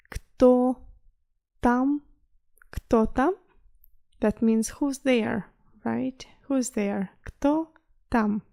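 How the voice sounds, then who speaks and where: A woman teaching a language lesson online, patiently pausing so the listener can repeat. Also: a little high, mellow.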